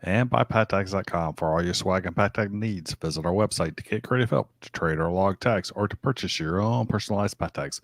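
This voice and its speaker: A man's voice: deep voice, no room sound. A man co-hosting a podcast, reading sponsor spots and giving short, dry replies. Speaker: podcast co-host. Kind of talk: ad reads and casual podcast chat.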